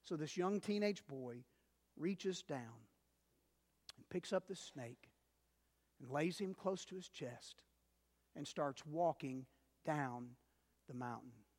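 Male pastor, sermon, high voice, slow dramatic storytelling, long church reverb. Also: lively intonation. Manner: dramatic storyteller, large swings in loudness; addresses listeners as "dear ones". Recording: long reverb of a large hall.

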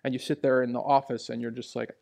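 Gravelly pastor telling stories from the pulpit. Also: male voice, medium pitch, little pitch movement, fast talker. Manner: conversational, storytelling, swings between hushed asides and raised emphasis. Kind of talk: sermon with personal stories. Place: church sanctuary. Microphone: handheld or stage mic.

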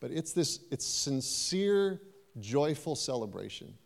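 A man's voice: a little high, big pitch swings, slow, gravelly, long reverb tail. A man preaching a sermon in a church, talking conversationally and turning to the congregation now and then. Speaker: pastor. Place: church sanctuary.

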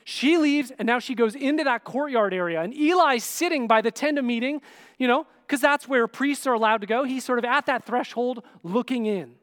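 High-voiced male pastor, conversational sermon. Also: moderate pace, a bit bright. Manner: conversational, checks in with "right?"; dramatic, acts out scenes.

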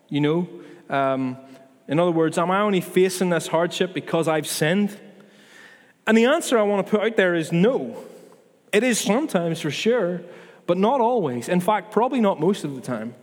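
A man's voice: high voice, animated, normal speed. A man, preaching a sermon in an earnest, conversational way to his church. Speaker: pastor. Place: church hall. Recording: long hall reverb.

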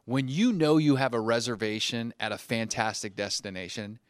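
A man's voice: mid-range voice, normal speed, clear, resonant tone, dry recording. Dry, close-miked male pastor preaching. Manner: animated storyteller who acts out dialogue. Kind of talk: sermon.

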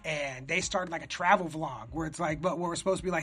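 Young male host, rambling and excitable, high and husky, swears freely. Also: brisk. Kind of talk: casual chat.

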